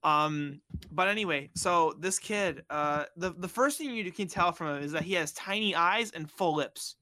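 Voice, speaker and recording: An animated man from Bosnia tells a story on a podcast, his voice sitting a little high for a man. He jumps into squeaky voices for the people he quotes. The sound is dry and close to the mic. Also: moderate pace, no room sound. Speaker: podcast host. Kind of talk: casual storytelling chat.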